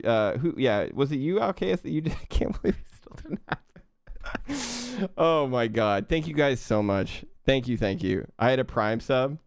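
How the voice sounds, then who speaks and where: A young man hosting a live stream, thanking viewers in an excitable way, laughing and stumbling over his words, out of breath. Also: mid-range voice, clear, resonant tone, no echo. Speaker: livestream host.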